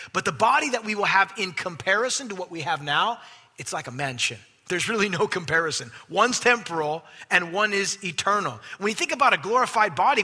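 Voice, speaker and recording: A man preaching a sermon as pastor, emphatic, swinging from loud stresses to hushed asides. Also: high-pitched, husky. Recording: long hall reverb.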